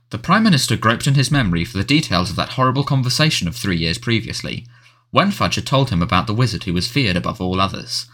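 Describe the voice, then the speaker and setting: A man's voice: on the low side, lively intonation, quick pace, a bit bright. A man narrating a novel as an audiobook, telling the story expressively. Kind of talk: scripted narration.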